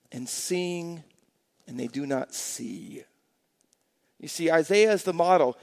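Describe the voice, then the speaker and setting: A man's voice: high voice, in a large hall. A man preaching a sermon as a pastor, asking the congregation rhetorical questions and building emphasis.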